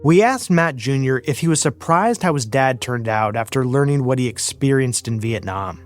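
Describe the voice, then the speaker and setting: A man hosting a podcast, reading scripted narration in a measured, even way. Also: mid-range voice. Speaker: podcast host. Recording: faint music underneath.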